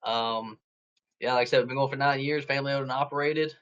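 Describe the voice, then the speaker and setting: A man's voice: mid-range voice, fairly even intonation, fast, fairly bright tone, dull audio. A man in his thirties from northeast Georgia with a Southern accent, a guest talking about his archery shop, easygoing and joking. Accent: Southern American. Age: 30s. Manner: easygoing, laid-back humor. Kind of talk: casual chat.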